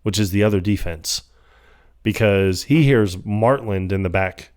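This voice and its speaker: A man's voice: lowish voice, a little slow, darkish tone. A man co-hosting a podcast, casually recapping a film scene by scene and laughing often as he acts out quoted lines. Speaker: podcast co-host.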